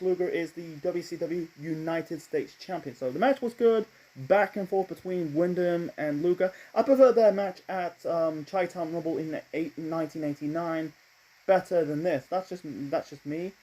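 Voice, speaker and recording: A man talks through an old wrestling show in a loose, rambling way, stopping to correct himself and throwing in the odd swear word. His voice sits a little higher than most men's, with a warm, mellow tone. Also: normal speed, rough recording. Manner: rambling, self-correcting, profane. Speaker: wrestling reviewer. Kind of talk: casual spoken review.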